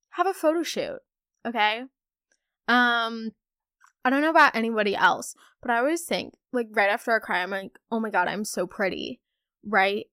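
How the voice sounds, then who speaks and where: A woman's voice: a little high, bright, forceful tone, no room sound, studio quality. A young woman from the United States hosting a podcast in casual chat, bubbly and chatty with lots of filler. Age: young adult. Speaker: podcast host.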